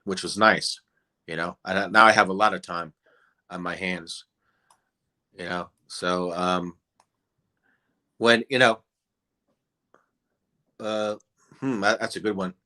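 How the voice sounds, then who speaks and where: A man with a fairly low but bright voice chats as a guest in an interview. He rambles, hesitates and fills pauses. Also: fairly even intonation. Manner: rambling, many fillers, chuckling. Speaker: guest impersonator. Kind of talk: casual interview chat.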